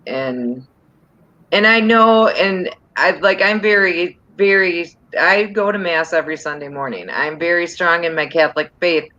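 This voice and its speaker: Crackly-voiced woman, slow and bright. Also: fairly low pitch, highs cut off. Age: older. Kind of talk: casual group chat.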